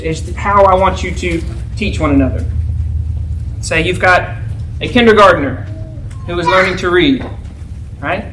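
A man's voice: a little hiss or hum, rough recording. A man preaching a sermon in a conversational way, often checking in with "right?". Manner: conversational, keeps asking "right?"; acts out a yelling teacher in a loud, high voice.

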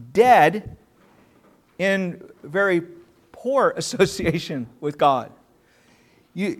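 A man with a high voice delivers a sermon. He reads scripture aloud, then explains it in a relaxed, conversational way. He talks like a preacher teaching his congregation. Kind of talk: sermon with Bible reading.

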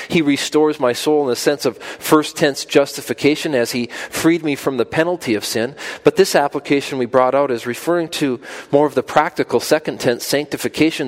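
Man preaching an earnest sermon. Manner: earnest preaching, rising to emphatic peaks then dropping soft and low. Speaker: pastor.

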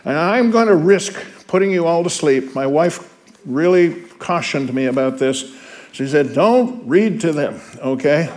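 A male teacher giving a relaxed, conversational class lecture. His voice sits a touch high for a man. He keeps turning to the students to make sure they are following. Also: a little slow. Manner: conversational, often checks in with the class. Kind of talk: informal lecture with reading aloud.

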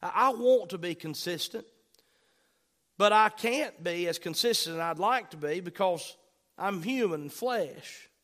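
A man preaching a sermon, repeating key phrases for emphasis and reading scripture slowly. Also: high voice, lively intonation, fairly bright tone.

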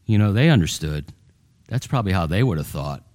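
A male pastor delivers a folksy, conversational sermon, peppering it with "you know" and repeated words, and his voice rises when he pushes a point. He sounds animated and brisk with a darkish tone, recorded at studio quality with no room sound.

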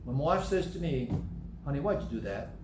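A man's voice: fairly high pitch, animated, fairly quick, roomy sound, noisy background. A man with a Southern American accent, preaching a sermon in a folksy, conversational way with personal asides, then leading a prayer. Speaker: pastor.

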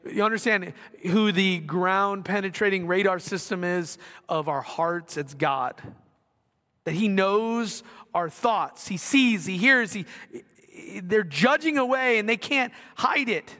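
A man's voice: high-pitched, takes it slowly, pushed and bright. A middle-aged man preaching a sermon in a school gymnasium, talking in a conversational way with self-deprecating asides. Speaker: pastor. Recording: long reverb of a gymnasium.

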